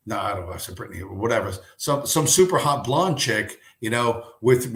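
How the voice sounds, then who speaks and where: A man's voice: medium pitch, fairly bright tone. A man hosting a livestream, talking in a rambling, profane, storytelling way. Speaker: livestream host. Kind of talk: casual livestream monologue. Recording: roomy echo.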